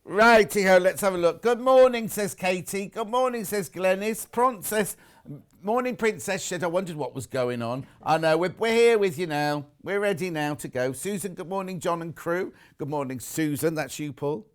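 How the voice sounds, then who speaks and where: British male shopping-channel host, slightly high voice, chatty and informal, reads viewer messages. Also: moderate pace, few pauses, clean tone. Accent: British English. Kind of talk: live TV sales chat.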